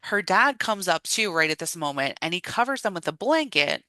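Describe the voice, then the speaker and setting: A woman's voice: fairly low pitch, normal speed, no echo. A woman co-hosting a podcast in casual chat, recapping a film with acted-out quotes and frequent laughs. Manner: animated retelling with acted-out quotes. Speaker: podcast co-host.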